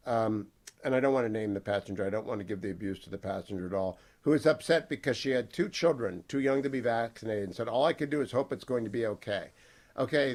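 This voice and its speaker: A man hosting a talk radio show from a studio, talking emphatically and playfully. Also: mid-range voice. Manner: energetic, emphatic, playful openings. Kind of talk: talk radio monologue and chat.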